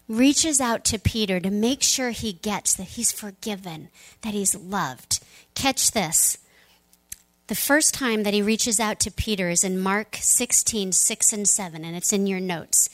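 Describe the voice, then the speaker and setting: Woman pastor giving a sermon, animated, acts out the story, gets real soft and hushed sometimes, mid pitch, dry mic. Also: no room sound. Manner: animated storytelling, acting out quoted voices, dropping to soft near-whispers.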